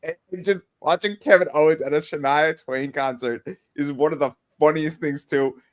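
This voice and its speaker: A man co-hosting a casual wrestling chat, excitable and tripping over his words as he retells stories. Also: fairly high pitch, normal speed. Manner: excitable, stammering restarts, laughs at own stories. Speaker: podcast co-host.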